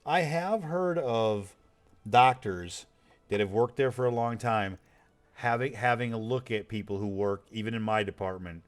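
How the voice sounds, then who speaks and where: A man's voice: medium pitch, a little slow. A man chatting casually while streaming a game, rambling and swearing freely in a laid-back way. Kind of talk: casual chat while gaming.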